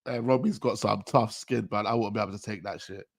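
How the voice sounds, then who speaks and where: A man hosting a casual reaction show, excitable and full of street slang. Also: lowish voice, brisk, creaky. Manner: excitable, heavy street slang, breaks into laughter. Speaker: host reacting to a rap video.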